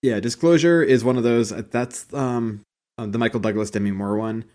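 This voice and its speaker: Podcast co-host, male, average pitch, loose rambling delivery with frequent laughs and swearing. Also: moderate pace, darkish tone. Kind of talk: casual chat about a TV show.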